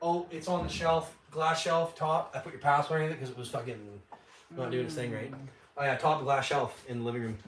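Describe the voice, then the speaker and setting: A man's voice: mid-range voice, fairly even intonation, fairly quick, a bit bright, a little hiss or hum. A man ranting on his live stream, crude and mocking, swearing constantly. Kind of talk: casual profane rant on a live stream.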